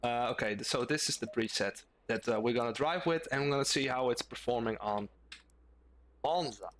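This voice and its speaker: A man's voice: medium pitch, moderate pace, a bit bright, a little hiss or hum. A young man streaming a sim race, thinking aloud casually as he drives and tunes his car setup. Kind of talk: live-stream commentary while driving.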